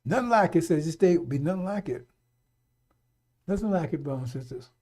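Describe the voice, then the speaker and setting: A man's voice: expressive, fairly quick. Urgent, profane man preaching on live radio. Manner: urgent and repetitive, swings from loud exhortation to low muttering; blunt and profane, calls out to brothers and sisters.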